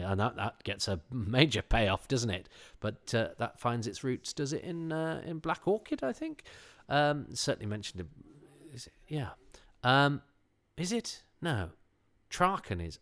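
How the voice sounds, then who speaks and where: A man with a medium-pitched, fairly bright voice is a guest on a podcast. He chats casually and enthusiastically, rambling along and chuckling as he goes.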